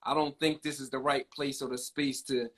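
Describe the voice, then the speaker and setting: A man's voice: medium pitch, little pitch movement, moderate pace, a bit bright. A man co-hosting a podcast as the preacher, talking through ideas in church terms and backing his partner with "right". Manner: church-talk, reflective, affirming with "right". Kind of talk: casual podcast talk.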